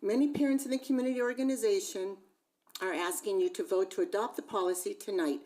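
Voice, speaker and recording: A woman's voice: mid-range voice, quick pace, mellow, low-quality recording. A woman reading a prepared public comment at a school board meeting, asking a series of pointed questions into a podium microphone. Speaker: parent speaking at public comment.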